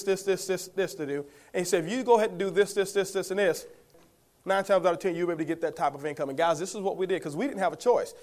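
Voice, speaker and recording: A middle-aged man giving an energetic, folksy motivational testimonial, often calling the audience "guys". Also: sits high. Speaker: network marketing speaker.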